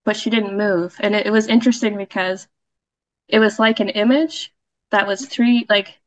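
A woman's voice: mid-range voice, fairly even intonation, moderate pace, no room sound. A woman casually telling a personal story as a podcast guest, chatty, with fillers and laughs.

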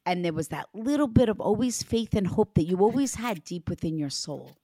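A woman's voice: medium pitch, fairly quick, no echo, clean studio sound. A woman working as a psychic medium, giving a reading to a client in an earnest, reassuring way. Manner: earnest, reassuring, animated when retelling.

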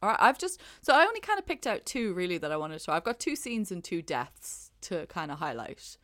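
Low-voiced young woman, rambling casual chat. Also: sing-song, brisk, fairly bright tone, no room sound. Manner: rambling, hesitant restarts, laughing. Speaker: podcast co-host.

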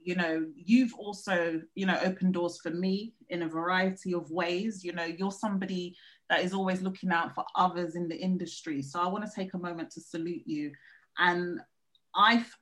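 A woman with a slightly low voice hosts a podcast interview. She talks in long, flowing, effusive sentences full of praise, with plenty of "you know" along the way. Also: a bit bright. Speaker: podcast host.

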